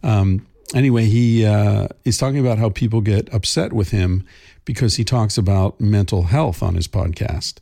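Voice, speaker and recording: A man's voice: lowish voice, normal speed, vocal fry, mellow, no room sound, clean studio sound. A middle-aged man hosting a podcast, talking casually in a thoughtful, rambling way with many fillers and restarts. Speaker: podcast host. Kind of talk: casual monologue.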